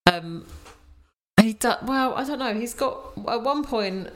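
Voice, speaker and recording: A woman's voice: fairly high pitch, animated, unhurried. A woman co-hosting a podcast, chatting casually about a film, with frequent ums and laughter. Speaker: podcast co-host. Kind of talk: casual movie review chat.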